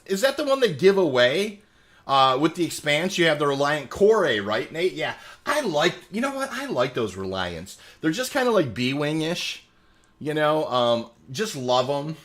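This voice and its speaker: A man's voice: fairly high pitch, fairly bright tone. A man in his thirties streaming a game, chatting in a rambling way with many fillers and answering chat messages as they come in. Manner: reads chat messages aloud and answers them. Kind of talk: casual livestream chat.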